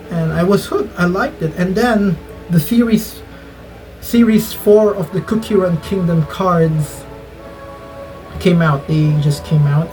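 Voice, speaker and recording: Male gaming YouTuber, casual storytelling, rambling and emotional, warm dark timbre. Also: a little high, low-quality recording. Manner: rambling, restarts sentences, earnest and emotional. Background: faint background music.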